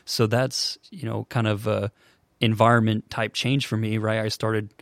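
An earnest young man in his twenties tells his story as a podcast guest. He speaks in a low, flat voice that keeps to a narrow range. He often stops and restarts, and the sound is dry and close. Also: creaky, no echo. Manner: earnest, halting, many restarts. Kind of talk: casual storytelling.

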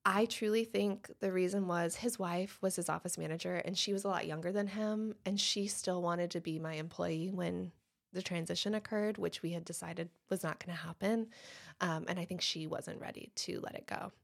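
A woman's voice: fairly low pitch, moderate pace, creaky. A woman in her thirties, a dentist guest, telling a story in conversation and laughing often. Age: 30s.

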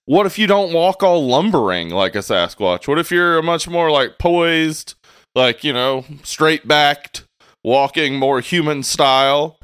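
A man co-hosting a movie podcast in casual chat, playful and often laughing, rattling off quick promos. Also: fairly high pitch, animated, fairly bright tone, clear, resonant tone, no room sound, studio quality. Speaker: podcast co-host.

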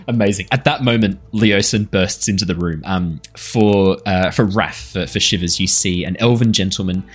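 A man's voice: fairly low pitch, sing-song, a little slow, husky, soft background music. A man narrating as game master of a tabletop game, laughing often and swearing casually.

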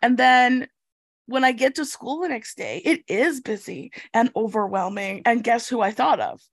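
A middle-aged woman, a guest in an interview, telling a personal story in an animated, chatty way and tagging lines with "okay?". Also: a little high, moderate pace, no echo. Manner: animated, chatty, acts out quotes, frequent "like" and "okay?". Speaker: guest, inclusive education researcher. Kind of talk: casual storytelling in a conversation.

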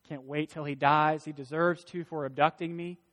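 A man's voice: fairly high pitch, steady tone, normal speed, fairly bright tone, natural voice. A man preaching who briefly voices an imagined young captive girl with resentful words. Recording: long hall reverb.

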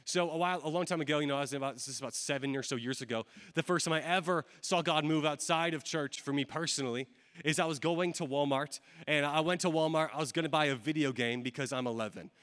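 A man's voice: on the high side, fast, a bit bright. A young man giving a sermon as a guest speaker to a congregation, telling a personal story in a casual, joking way. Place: large hall before a live congregation. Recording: long hall reverb.

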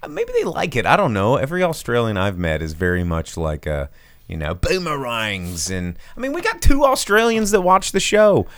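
A man co-hosting a podcast, chatting casually about movies, rambling and laughing often. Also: normal speed. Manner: rambling, laughs often, animated swings in pitch. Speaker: podcast co-host.

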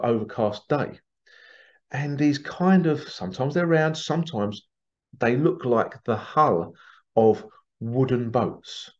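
A man's voice: medium pitch, a little mellow. A man from England telling a rambling, casual story in a monologue, full of restarts and asides. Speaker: spiritual channel host. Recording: dull lo-fi sound.

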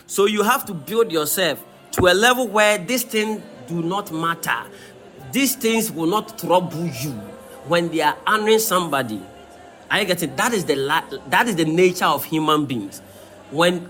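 A pastor preaches in a high, bright, ringing voice. He bursts into shouts and sings some phrases, with faint music under his sermon.

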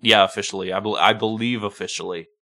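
A man's voice: fairly low pitch, steady tone, quick pace, bright, forceful tone. A man co-hosting a podcast, telling stories animatedly and swearing freely in casual chat. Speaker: podcast co-host.

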